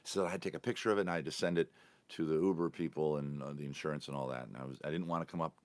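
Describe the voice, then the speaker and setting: A man's voice: a bass voice, steady tone, very fast, dry recording. A man hosting his own podcast, telling a casual story in a chatty, rambling way and often correcting himself mid-sentence. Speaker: podcast host.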